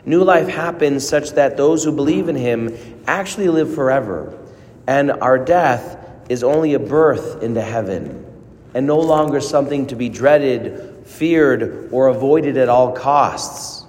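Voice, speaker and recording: A man preaching a sermon as a priest, earnest, with dramatic pauses and rising emphasis. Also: mid-range voice, expressive, a little mellow. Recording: long reverb of a large hall.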